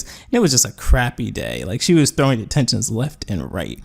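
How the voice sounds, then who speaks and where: A man's voice: on the low side, wildly swooping pitch, normal speed, creaky, darkish tone. A young man casually telling a rambling story, with fillers and quoted voices. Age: young adult. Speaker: gaming YouTuber. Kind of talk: storytelling over gameplay.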